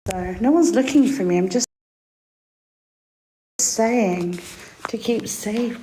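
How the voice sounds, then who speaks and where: A woman talks slowly and softly into her phone, out of breath and sometimes dropping to a murmur. The phone recording carries a clear layer of background noise. She chats casually, as if to followers on a livestream. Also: mid-range voice, poor audio. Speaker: vlogger. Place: small room in a mosque.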